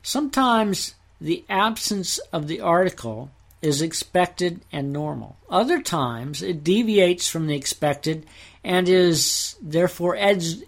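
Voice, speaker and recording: Slow, deliberate male Bible Greek teacher. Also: a little high. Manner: slow, deliberate reading of verses and grammar terms. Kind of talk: scripted teaching podcast.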